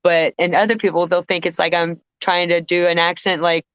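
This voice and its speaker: A woman's voice: on the low side, level tone, brisk, smooth, no echo. A woman, a guest vocalist, chatting on a podcast and telling stories in a rambling, self-interrupting way. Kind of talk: casual podcast conversation. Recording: slightly muffled dry recording.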